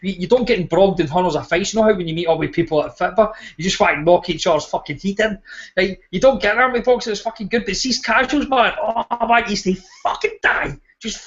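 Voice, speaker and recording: A man's voice: high voice, fast talker. A man with a Scottish accent hosting a boxing podcast, ranting and swearing in casual chat. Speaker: podcast host. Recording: lo-fi podcast audio.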